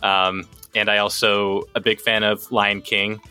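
A man's voice: fairly low pitch, little pitch movement, a little slow, bright, forceful tone, smooth, soft background music. A man who is a voice actor, talking casually in an interview, rambling and hesitant with lots of fillers. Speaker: voice actor guest.

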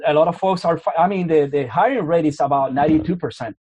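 A man's voice: on the high side, fast, darkish tone, slightly rough, no room sound, highs cut off. A man with a Canadian accent, a guest in a casual interview, talking earnestly and restarting his words often. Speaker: guest, army officer.

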